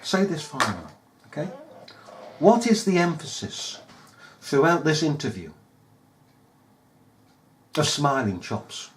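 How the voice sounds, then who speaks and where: A man's voice: a little high, very animated, slow pace, long pauses, slight background noise. A man giving scornful, emphatic commentary over news footage, full of rhetorical questions. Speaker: video commentator.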